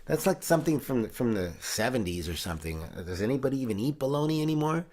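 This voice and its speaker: A man's voice: mid-range voice, big pitch swings, quick pace. A middle-aged man hosting a casual chat, rambling with many fillers and restarts. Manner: rambling, warm-hearted, breaks into singing. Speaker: host.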